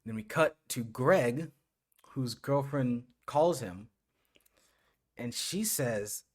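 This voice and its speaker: A man co-hosting a podcast, recapping a show in casual chat and acting out quotes in low mumbles. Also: animated, takes it slowly. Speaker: podcast co-host.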